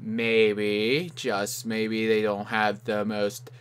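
A young man giving live gameplay commentary, joking and trash-talking, with loud outbursts at plays. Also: fairly low pitch, level tone, drawn-out words, clear, resonant tone. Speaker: gaming commentator.

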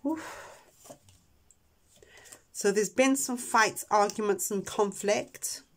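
A woman giving a chatty, emotional tarot reading, soft-spoken with many ums, tearing up at times. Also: mid-range voice, slow. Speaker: tarot reader. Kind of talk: pick-a-card tarot reading.

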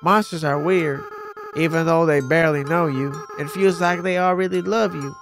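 A man voicing a gentle, remorseful young goat-monster boy, reading the game's dialogue in a soft, earnest way. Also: a little high, steady tone, normal speed, music in the background, voice pushed down, lightly acted. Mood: tender.

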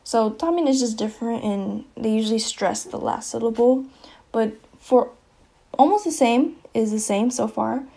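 A woman giving a casual slideshow lesson, saying each example word twice, with fillers and quick self-corrections. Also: on the high side, creaky, dark tone. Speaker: presenter explaining languages.

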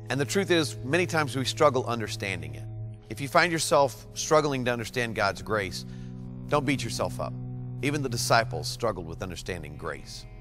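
Male actor as gentle, measured Jesus, animated intonation, soft music underneath. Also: mid-range voice, close to an everyday voice. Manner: calm, measured, repeating questions. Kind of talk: skit acting and scripted narration.

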